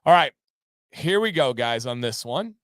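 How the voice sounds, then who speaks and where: A man's voice: mid-range voice, big pitch swings, moderate pace, fairly bright tone, no echo, studio quality. A man hosting a casual livestream, reading out chat comments in an upbeat, playful way. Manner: upbeat, reads chat aloud and breaks into playful raps. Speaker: livestream host.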